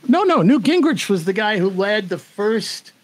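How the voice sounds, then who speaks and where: An older man as a guest, telling a story with a slightly high voice. He acts out the other people's lines with animation. He laughs as he talks. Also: big pitch swings, moderate pace, rough recording. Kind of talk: storytelling in conversation.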